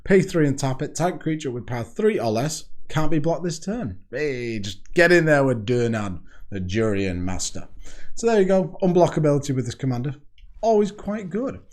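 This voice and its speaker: A man's voice: on the high side, sing-song, moderate pace. A man hosting a card game video, reading card text aloud and chatting through it casually, laughing at his own jokes. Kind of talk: casual deck review monologue.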